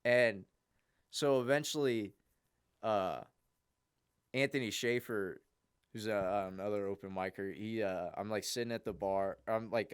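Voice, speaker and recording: A young man, a podcast co-host, telling a long, rambling story in a casual, animated way. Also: on the low side, clean tone, no room sound, clean studio sound.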